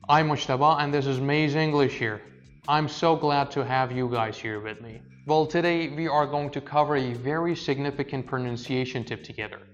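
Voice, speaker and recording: A man's voice: medium pitch, fairly bright tone. A young man teaching English pronunciation in a scripted online lesson, explaining carefully, stressing syllables and often checking in with "right?".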